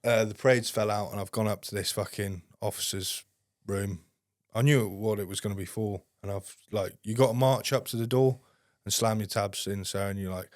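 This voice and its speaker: A man's voice: fairly low pitch, fairly even intonation, normal speed, dry recording, clean studio sound. A man, a podcast guest, telling a story in a casual, blunt way and swearing constantly.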